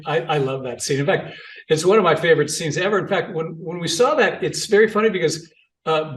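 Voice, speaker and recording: A man's voice: fairly high pitch, recorded from a distance. A man hosting a casual film discussion, chatty and enthusiastic, with plenty of fillers. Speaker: host. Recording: echoey room, off-mic.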